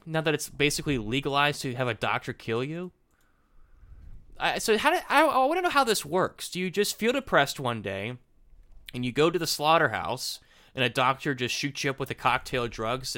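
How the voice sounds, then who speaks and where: A man co-hosting a podcast, talking in casual animated opinion chat and often restarting his words. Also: fairly high pitch, normal speed, clean tone. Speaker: podcast co-host.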